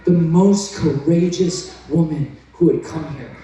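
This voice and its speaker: A man preaching an excitable storytelling sermon, intense and breaking into shouts. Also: a little high, measured pace. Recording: very echoey, from far off.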